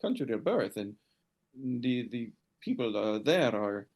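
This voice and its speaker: A man voicing an earnest foreign woman who searches for her lost brother, speaking broken English with many pauses. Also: mid-range voice, animated, a little mellow. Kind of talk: game master voicing a character.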